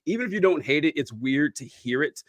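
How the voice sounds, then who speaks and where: A man hosting a casual podcast conversation, talking in an animated way with quick asides. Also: a little high, no room sound. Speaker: podcast host.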